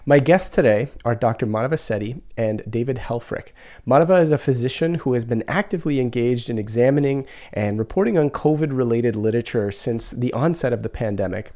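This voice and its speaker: A male podcast host with a congested, stuffy voice from a cold, delivering an earnest introduction at a mid-range pitch. He speaks conversationally, now and then catching himself and restarting a phrase. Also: fairly quick, warm tone.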